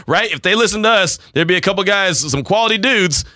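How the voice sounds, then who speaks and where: A man in his forties hosting a sports talk radio show, chatty and animated, often acting out quotes. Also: high-pitched, moderate pace, dry recording, studio quality. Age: 40s. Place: radio studio.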